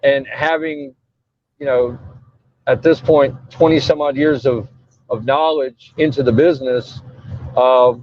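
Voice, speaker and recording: A man's voice: mid-range voice, steady tone, unhurried, long pauses, highs cut off, music in the background. A man, a wrestling referee, talking casually in an interview over a breaking-up mobile call, rambling with lots of fillers and restarts. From Texas. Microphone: phone while traveling.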